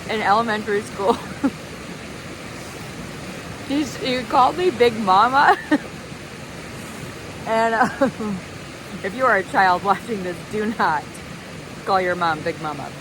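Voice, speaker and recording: A thru-hiker vlogger with a mid-range voice takes her time, pausing often while chatting to the camera in a giggly, storytelling manner about her hike. She's by a waterfall and creek, and the outdoor recording is noisy.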